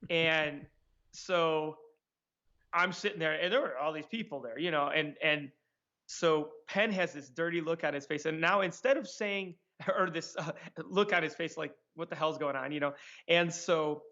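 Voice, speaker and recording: A man telling sarcastic, animated anecdotes as a guest in a casual interview. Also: on the high side, unhurried, muffled recording. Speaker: magician guest.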